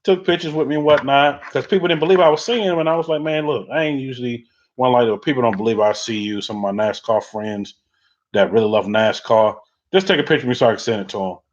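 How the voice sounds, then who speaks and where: Middle-aged male streamer, casual rambling storyteller, average pitch, dull lo-fi audio. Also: quick pace. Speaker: livestream host. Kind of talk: casual chat reading viewer comments.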